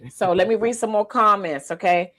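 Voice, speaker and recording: A woman hosting a casual livestream podcast, lively and emotional, teary-eyed as she talks. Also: medium pitch, normal speed. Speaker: podcast host.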